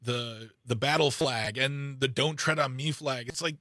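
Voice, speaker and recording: A man filling in as a talk radio host, chatting casually and rambling with quick asides. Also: medium pitch, fairly even intonation, sharp tone, dry recording.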